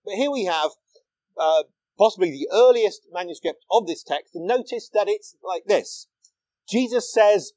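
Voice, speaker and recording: A man delivers a public lecture in a somewhat high voice. He explains patiently and poses rhetorical questions. The sound is dry and close, with little room echo. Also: lively intonation, a little slow, darkish tone. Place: lecture hall.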